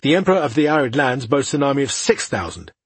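A man's voice: medium pitch, big pitch swings, quick pace, husky, no room sound. Aladir, a cold old elf commander, as a male narrator voices him. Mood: sharp. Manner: curt, commanding and contemptuous.

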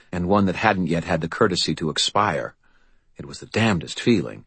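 A man reads a first-person audiobook in a dry, wry storytelling manner. His voice is very deep and a little husky, recorded close and dry with no room sound around it. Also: fairly bright tone, dry recording. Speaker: audiobook narrator.

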